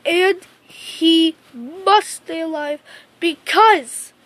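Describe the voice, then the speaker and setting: A woman's voice: extremely high pitch, very slow, fairly bright tone. A woman casually retelling a fan-made story, rambling and repeating herself, with lots of "like". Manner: rambling, repetitive, says "like" often.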